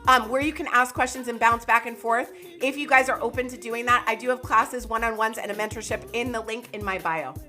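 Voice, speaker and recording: An excitable, loud woman, hosting a live chart analysis stream and talking to viewers by name. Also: on the high side, brisk, faint music behind. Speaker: crypto market streamer.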